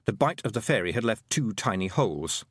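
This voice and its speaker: A man narrating an audiobook with expressive storytelling. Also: lowish voice, fairly quick, breathy edge, no room sound, clean studio sound. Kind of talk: scripted narration.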